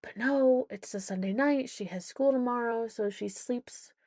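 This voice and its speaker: A woman's voice: a little high, unhurried, mellow, no room sound, studio quality. A woman hosting a casual storytelling podcast, chatty as she recounts her week and acts out the voices in her anecdotes. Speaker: podcast host; mother.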